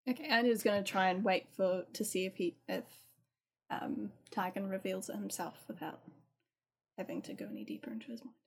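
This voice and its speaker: A woman's voice: mid-range voice, a little fast, slightly rough. A woman playing a tabletop game, chatty and hesitant, laughing often. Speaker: player.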